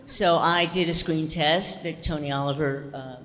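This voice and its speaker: A woman on a convention panel telling an anecdote in a lively way. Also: low-pitched, normal speed. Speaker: panel guest. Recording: echoey convention hall.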